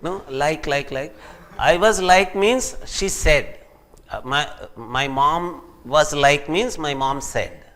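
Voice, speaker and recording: A middle-aged man giving an academic lecture, animated, acting out the people he quotes. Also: on the high side, takes it slowly. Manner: animated, acts out quoted speakers.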